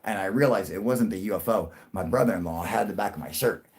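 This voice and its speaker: A young man telling a long story to his livestream viewers, rambling and swearing, with many restarts and sudden loud bursts. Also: fast. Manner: rambling, profane, restarts a lot, jumps into loud high bursts for quoted voices. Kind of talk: casual storytelling to a live audience.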